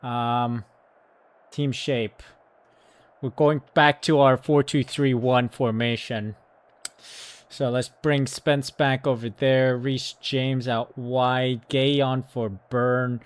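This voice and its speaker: A man giving excited live commentary on his football management game, yelling at his players, then calmly talking through tactics. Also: medium pitch, slow, clean tone, no echo. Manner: excitable, shouts at the team, then calm tactical talk. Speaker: gaming YouTuber.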